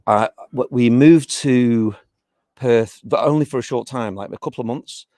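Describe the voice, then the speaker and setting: A middle-aged man talks casually in an interview, stopping and restarting his sentences often. His voice sits at an ordinary pitch. The sound is dry and close, with no room echo. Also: moderate pace, warm tone. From England. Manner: hesitant, many restarts and fillers. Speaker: interviewee, teacher.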